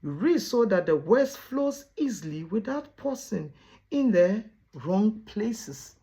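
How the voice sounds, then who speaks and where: A woman teacher giving a classroom lesson, stressing points by repeating words and pausing on "what?" for the class to finish her sentences. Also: medium pitch, expressive, dark tone. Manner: asks rhetorical "what?" prompts for the class to finish.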